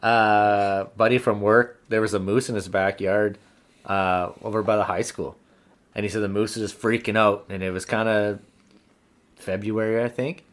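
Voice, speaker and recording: A man's voice: on the low side, little pitch movement, moderate pace. A man co-hosting a hunting podcast, telling stories bluntly with plenty of swearing. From British Columbia, Canada. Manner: profane, blunt, laughs easily. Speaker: podcast host. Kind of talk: casual chat, storytelling.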